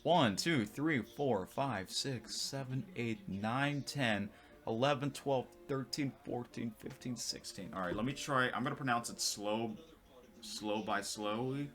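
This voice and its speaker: A man's voice: medium pitch, unhurried, fairly bright tone, soft background music. A man vlogging in casual commentary, rambling with many restarts and self-corrections. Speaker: vlogger reading tweets.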